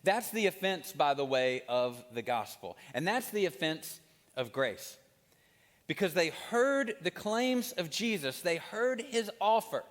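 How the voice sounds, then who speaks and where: A man delivering a sermon in a storytelling manner, with a somewhat high voice for a man. His words carry a long reverb, as if spoken in a large hall. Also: a little slow. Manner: storytelling, animated with rising excitement. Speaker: pastor.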